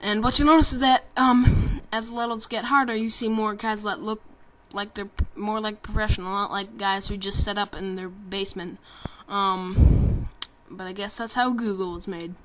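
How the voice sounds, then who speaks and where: A woman's voice: medium pitch, steady tone, normal speed, a little hiss or hum. A tired woman giving casual, rambling commentary over a game trailer, full of ums and self-corrections. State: tired, sleepy. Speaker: gaming commentator.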